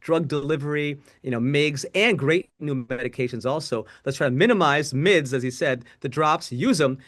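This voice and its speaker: Man, middle-aged, quick speech, lively, restarts a lot, webinar panelist. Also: medium pitch. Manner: fast, animated, quick restarts. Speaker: glaucoma surgeon panelist. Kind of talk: webinar talk.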